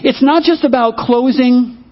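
A man, a pastor, giving a sermon with animated personal stories and acting out quoted voices. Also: very high-pitched, measured pace, dull audio.

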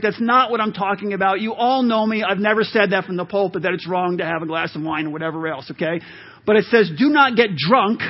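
A man's voice: high-pitched, husky. A man preaching a sermon to his congregation, with a conversational, emphatic delivery and frequent asides to the listeners. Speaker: pastor. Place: church sanctuary. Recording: dull lo-fi sermon audio.

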